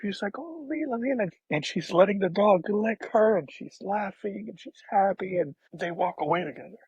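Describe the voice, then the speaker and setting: A man, a podcast guest, telling an emotional personal story in a soft-spoken, halting way, often restarting his sentences. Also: sits high, husky, no echo, low-quality recording.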